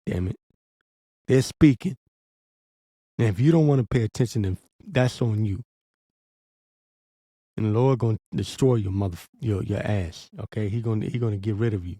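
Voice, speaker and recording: A man's voice: on the low side, normal speed, pauses often, dark tone, slightly rough, no echo, clean studio sound. A man giving a blunt, profane, urgent warning in a preaching commentary vlog, with frequent restarts. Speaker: religious commentator.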